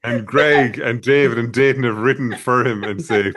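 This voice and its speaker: This man co-hosts a casual podcast interview. His voice sits at a middle pitch for a man, and he keeps up playful, joking banter. He likes to tease the guest. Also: moderate pace, fairly bright tone. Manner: teasing, jokey banter. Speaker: podcast co-host.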